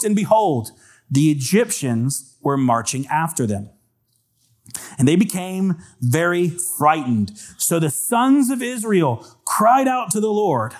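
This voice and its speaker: A man preaching a sermon to a congregation, earnestly reading scripture aloud and calling for amens. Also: a little high. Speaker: pastor. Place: church with congregation.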